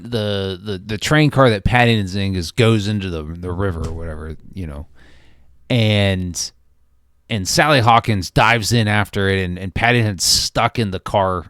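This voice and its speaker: A podcast co-host reviews a movie in loose, rambling chat, swearing freely and restarting his sentences as he tells stories animatedly. His voice is lowish, with studio-quality sound and no echo.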